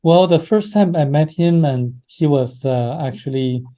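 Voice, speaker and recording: A man recounting events in an interview, his tone deep, mellow and dark. He speaks haltingly, pausing on fillers and restarting his sentences as he goes. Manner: hesitant, many fillers and restarts. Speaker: interview guest. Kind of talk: casual interview storytelling.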